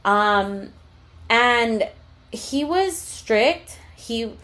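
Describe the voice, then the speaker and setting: A woman's voice: a little high, lively intonation, very slow, fairly bright tone. Candid, cursing young woman telling a story. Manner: candid and profane, mixes in Spanish slang. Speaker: podcast co-host. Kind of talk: casual storytelling chat.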